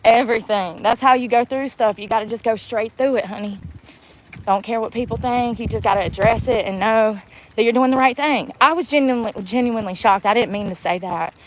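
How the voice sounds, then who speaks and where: A woman vents bluntly in a casual vlog, laughing as she talks. Her voice sits a little high. Faint outdoor noise hums behind her in the woods. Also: brisk. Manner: blunt, ranting, laughs often. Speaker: vlogger.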